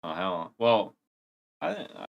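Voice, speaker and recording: A man's voice: sits low, very animated, takes it slowly, vocal fry, lo-fi sound. A young man hosting a casual livestream, rambling through chat questions in gamer slang. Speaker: livestream host.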